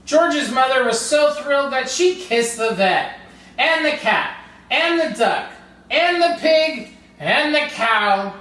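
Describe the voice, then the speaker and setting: A woman's voice: high-pitched, lively intonation, takes it slowly, fairly bright tone. A woman hosting a children's program, reading a story and leading a cooking demo in a playful, sing-song way that speaks straight to the kids. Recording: roomy, distant mic with music behind.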